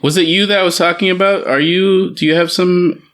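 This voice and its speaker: A man's voice: sits high, fairly even intonation, brisk, fairly bright tone. Agreeable, reflective male podcast co-host. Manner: agreeable, reflective, laughs along. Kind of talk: casual chat.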